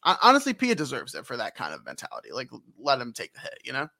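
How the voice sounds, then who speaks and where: A man's voice: medium pitch, wildly swooping pitch, quick pace, creaky, bright, forceful tone. A man co-hosting a podcast, rambling through a game recap with lots of ums and acted-out scenes. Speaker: podcast co-host. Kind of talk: casual game recap chat.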